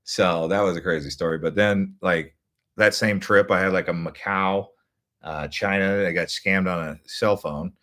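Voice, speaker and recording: Man, lowish voice, travel vlogger, casual rambling storytelling, loose and unpolished. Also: steady tone, moderate pace, sharp tone. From United States. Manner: rambling, loose delivery, many "like" fillers and restarts.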